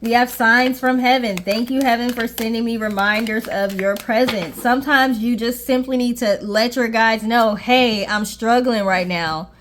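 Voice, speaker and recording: A woman's voice: a little high, steady tone, moderate pace, few pauses, a bit bright. A woman giving a casual tarot reading to viewers, reassuring and checking in with "okay?" often. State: briefly out of breath. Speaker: tarot reader.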